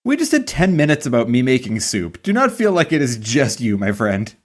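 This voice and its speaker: A man's voice: medium pitch, wildly swooping pitch, brisk. Wry man chatting on a podcast. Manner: wry, conversational, with tag questions. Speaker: podcast co-host. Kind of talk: casual chat.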